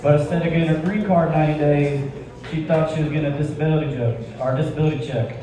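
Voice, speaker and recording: A stand-up comedian from Georgia, with a slightly high, steady voice and quick pace, tells self-deprecating stories conversationally on a club stage. The audio is very noisy, captured from far off in an echoey club with the crowd audible.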